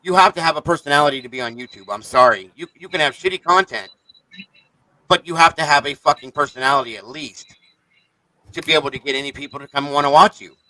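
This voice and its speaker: A man's voice: fairly high pitch, quick pace, sharp tone, dry recording, rough recording. A man hosting a live stream, ranting in an irritated, profane, rambling way to his viewers. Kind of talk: casual live-stream rant.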